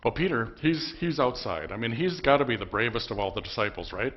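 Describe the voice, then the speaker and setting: A man's voice: medium pitch, animated, fairly quick, muffled recording. A man preaching a sermon as pastor, telling the story conversationally with emphatic bursts. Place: church.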